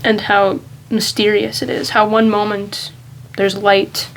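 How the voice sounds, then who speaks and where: A woman vlogging in a loose, rambling way, thinking aloud and speaking candidly at an ordinary, middle pitch. A faint hiss of background noise sits beneath her voice. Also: monotone, unhurried, vocal fry, rough recording. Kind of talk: casual reflective monologue.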